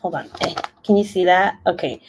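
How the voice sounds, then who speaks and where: A woman's voice: fairly low pitch, animated, fairly quick, noisy background. A woman hosting a casual craft livestream, chatty and laughing often.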